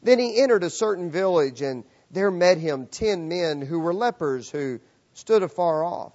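A man preaching a sermon to a congregation, lively and acting out the voices of the people in his story. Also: high-pitched, moderate pace, dull audio. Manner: animated, acts out voices of characters. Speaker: pastor. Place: church.

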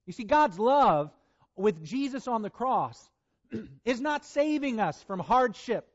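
A man preaching a sermon, reading scripture aloud in a deliberate, emphatic way. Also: very high-pitched, sing-song, muffled recording.

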